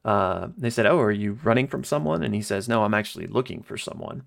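Low gravelly dude doing a casual podcast recap, lots of ums. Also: male voice, animated, quick pace. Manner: loose storytelling, many ums and quoted lines. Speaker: podcast co-host recapping an episode.

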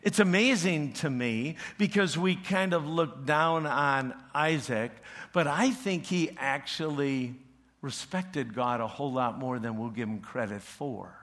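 A male pastor preaching a sermon, retelling a story with animated delivery and humorous asides. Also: mid-range voice, measured pace. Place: church.

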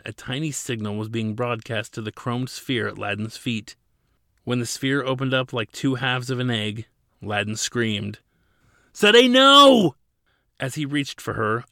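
A man's voice: medium pitch, fairly bright tone, no echo, studio quality. A man narrating his own story as an audiobook in a dramatic storytelling manner. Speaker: narrator and author.

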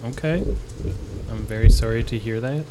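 A man's voice: medium pitch, moderate pace, background noise. A man co-hosting a casual podcast outdoors, teasing his co-host in a dry way. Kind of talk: casual chat.

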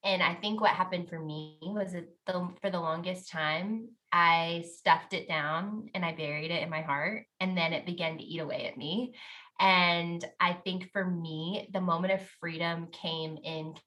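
Bright, earnest woman sharing faith testimony. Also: fairly low pitch, measured pace. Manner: earnest and animated, heavy use of "like", laughs often. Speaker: podcast guest.

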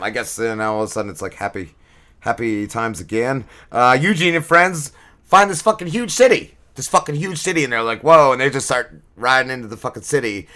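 A man hosting a podcast, recapping a TV episode in a rambling, profane, casual way with plenty of filler words. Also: medium pitch. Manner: animated retelling with quick drops in energy. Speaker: podcast host.

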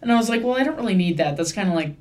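A young woman rambles through casual podcast talk. Her pitch sits mid-range and her manner is wry and loosely profane, with plenty of fillers along the way. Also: expressive, very fast, a little mellow. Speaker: podcast host. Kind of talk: casual chat.

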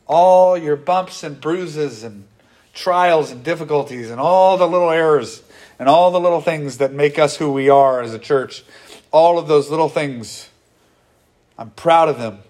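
A man's voice: a little high, a little slow, a little mellow. A man preaching a sermon to his congregation, earnest and conversational, often acting out what people say. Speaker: pastor.

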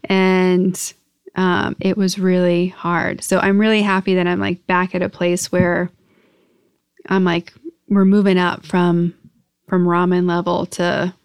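A woman's voice: on the low side, level tone, slow pace, smooth, no echo, studio quality. A young woman hosting a podcast, talking casually and chattily with lots of filler words. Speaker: podcast host and company owner. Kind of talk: casual chat.

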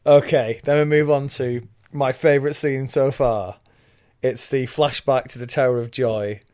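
A man on a podcast recapping TV scenes in casual chat, excited and quick to laugh. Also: mid-range voice. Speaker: podcast co-host. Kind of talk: casual chat reviewing a TV episode.

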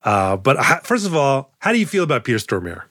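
A man's voice: medium pitch, very animated, fast talker, a bit bright, no room sound. A young man co-hosting a podcast in casual chat, rambling, correcting himself and laughing often. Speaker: podcast co-host.

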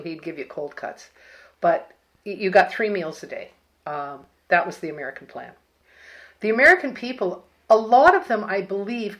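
Older Canadian woman, matter-of-fact. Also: medium pitch. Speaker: interview guest. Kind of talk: reminiscing storytelling.

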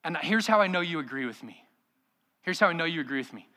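A man's voice: on the high side, expressive, fast talker, bright, forceful tone. A man preaching a sermon as pastor, emphatic and full of rhetorical questions to the congregation.

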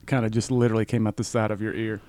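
A man with a Southern US accent co-hosting a podcast, making laid-back joking quips in casual chat at a slow pace. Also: on the low side, little pitch movement, darkish tone, clean tone, dry recording. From Southern US (Tennessee). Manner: talks slow. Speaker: co-host, host's brother.

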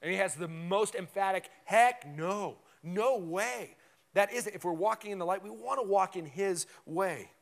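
A man's voice: high-pitched, brisk, gravelly, hardly any pauses. A man preaching a conversational, emphatic sermon in a church, often checking in with "right?". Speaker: pastor. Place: church sanctuary.

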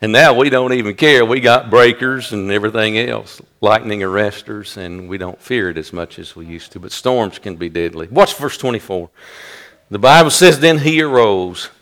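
A man pastor preaching a sermon, rising loud and high when he quotes a rebuke. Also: animated, normal speed.

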